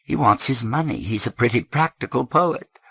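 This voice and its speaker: A man reading the lines of a soft-spoken young woman who teases with dry wit in an audiobook. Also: mid-range voice, moderate pace, vocal fry, husky, no echo, voice pushed up. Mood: wry. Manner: soft, wry.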